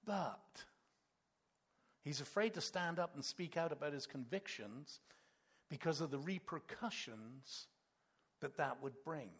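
A man's voice: fairly high pitch, unhurried, long pauses, a bit bright, husky. A middle-aged man preaching a conversational sermon, acting out quoted voices as he goes. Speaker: pastor.

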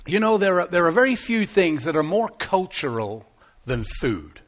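Joking English pastor from Devon. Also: male voice, high voice, sing-song, moderate pace, a bit bright. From England. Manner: joking, conversational storytelling. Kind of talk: sermon. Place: church service, live and streamed.

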